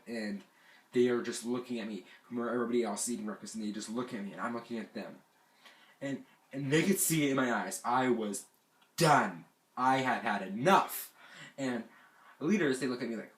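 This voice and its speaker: A young man tells a long camping story into a camera mic, rambling and restarting as he goes. His voice sits at an ordinary pitch, and it rises loudly when he gets worked up. The room around him sounds echoey. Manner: rambling and animated, bursts of anger. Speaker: vlogger. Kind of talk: casual storytime.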